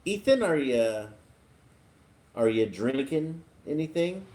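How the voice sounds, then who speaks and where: A man's voice: on the high side, very animated, slow, mellow. A man hosting a casual live stream, chatting and laughing as he reads viewer comments aloud. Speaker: livestream host.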